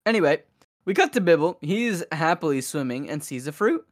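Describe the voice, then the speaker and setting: A man's voice: fairly high pitch, big pitch swings, normal speed. A man guesting on a podcast, joking dryly in casual chat about a film. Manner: playful, dry joking.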